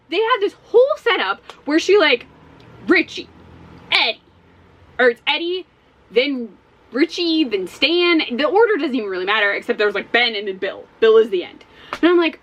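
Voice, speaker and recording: A woman giving a casual spoken book review as a vlogger, animated and exasperated, swearing often. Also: sits high, normal speed, dull audio.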